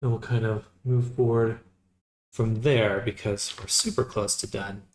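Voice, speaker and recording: A man casually thinking aloud with pauses while he works live on a 3D model. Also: fairly low pitch, steady tone. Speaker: 3D modeling streamer. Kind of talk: casual live-stream commentary while working.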